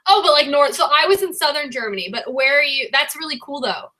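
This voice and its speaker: Bright, high-voiced young woman, playful. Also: fast. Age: young adult. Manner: playful, teasing, upbeat. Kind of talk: casual chat.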